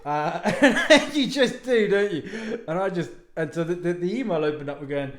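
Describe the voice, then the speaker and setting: A man chats straight to the camera from his lounge, drifting from one tangent to the next. He mocks himself and swears casually, his voice sitting a little high for a man. The room adds a clear, roomy echo around him. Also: expressive, moderate pace, few pauses, a bit bright. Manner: rambling, self-mocking, swears casually. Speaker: author talking to viewers. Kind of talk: casual rambling monologue. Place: home lounge.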